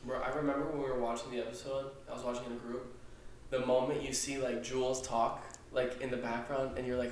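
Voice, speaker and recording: A young man co-hosting a podcast, chatting casually and excitedly, swearing and saying "bro" constantly. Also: mid-range voice, quick pace, a little hiss or hum. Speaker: podcast co-host. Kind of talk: casual chat. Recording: echoey room.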